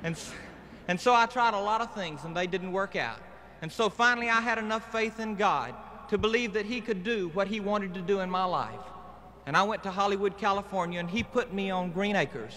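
A man's voice: high-pitched, fairly quick, slight background noise. Earnest Southern man preaching in a stadium. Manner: earnest, plain-spoken, steady preaching cadence. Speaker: guest speaker giving testimony. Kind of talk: evangelistic testimony speech. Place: outdoor stadium rally. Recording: archival live recording with stadium reverb.

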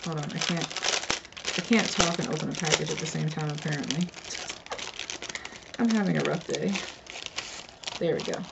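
Gravelly-voiced woman chatting through a craft unboxing. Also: low voice, moderate pace, long pauses, heavy background noise. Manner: chatty, gushing, mutters asides while handling pieces. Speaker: crafter revealing a card swap. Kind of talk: casual craft unboxing vlog.

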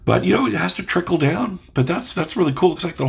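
A man's voice: sits high, expressive, quick pace, creaky, few pauses, husky. A man with a stuffed-up nose talking casually to camera, musing and asking his viewers questions. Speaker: audio vlogger.

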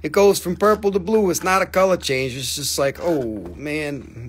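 Male host of a live rock sale; rambling, jokey and profane, slightly high-pitched. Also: moderate pace, hardly any pauses, slightly rough. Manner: forgetful, filler-heavy. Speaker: host selling rocks on a live stream. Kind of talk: casual live sales chat.

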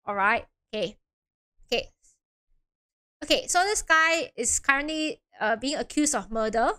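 A woman's voice: a little high, animated, a little slow, pushed and bright, clear, resonant tone. A young woman streaming a game, chatting casually, giggly and apologetic, often trailing off and repeating herself.

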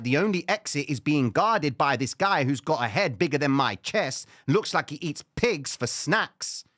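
A man's voice: mid-range voice, dry recording, studio quality. A man who hosts a trading show, telling a story casually on a live stream, swearing and acting out his own lines. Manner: animated, swearing, acts out his own quotes.

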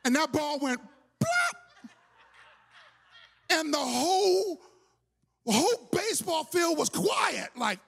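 A man preaches in a church, swinging his voice up and down with big animated energy. He shouts and plays with the crowd as he tells the story. There is a gravelly rasp under his high, lively delivery. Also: slow pace, pauses often. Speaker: pastor. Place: church sanctuary.

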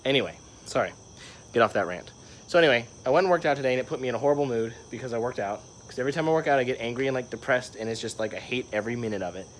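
There's slight background noise as a young vlogger tells a story, speaking very fast in a medium-pitched voice. His casual monologue to the camera rambles, heavy with fillers like "like" and "um."

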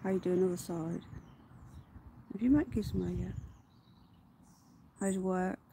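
A woman chats casually to her livestream viewers while out in the garden. Her voice sits a little low, and she swears offhand. Outdoor noise is clearly audible behind her. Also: slow pace, warm tone. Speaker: livestream host.

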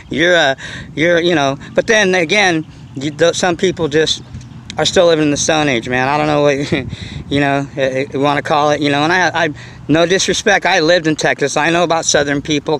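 A man's voice: on the high side, fairly bright tone, low-quality recording. A middle-aged man hosting a casual RC car vlog, rambling with lots of "you know" and repeating himself. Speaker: RC car vlogger.

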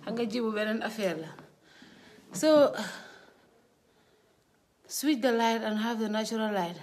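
A woman's voice: on the high side, measured pace, darkish tone, slight background noise. A woman hosting a casual live stream, chatting, laughing and greeting viewers by name while testing her sound. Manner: chatty, laughing, reads out viewer names, switches between languages. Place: indoor studio.

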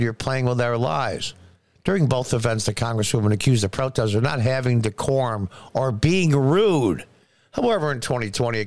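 A man's voice: mid-range voice, creaky, no room sound. A man delivers opinionated political commentary with open scorn and sarcasm. He hammers his points by repeating words. His voice sits in a middle register and is recorded close and dry, with no room sound.

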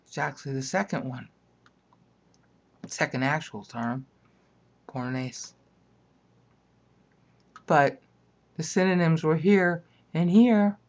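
Low-voiced woman lecturing, lo-fi sound. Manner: conversational, keeps checking in with "okay?". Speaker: bible teacher. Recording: dull lo-fi recording.

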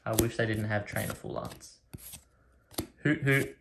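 A man casually opens card packs, reading each card's name aloud one by one and getting excited over the rare pulls. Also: on the low side, measured pace, vocal fry, background noise. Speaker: card collector opening packs. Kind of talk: casual pack-opening commentary. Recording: card and wrapper rustling behind voice.

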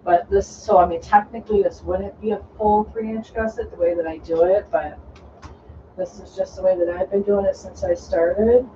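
Relaxed sewing teacher, heard from afar. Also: medium pitch, normal speed, a little hiss or hum. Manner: relaxed, instructive, talking while cutting fabric. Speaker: sewing tutorial host. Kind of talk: casual step-by-step sewing tutorial. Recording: distant dull lo-fi sound with faint room ambience.

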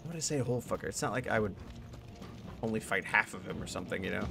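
A young man in a let's play, talking through the game, excitable, swearing and thinking out loud. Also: lowish voice, fast, creaky, a little hiss or hum. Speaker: gaming YouTuber.

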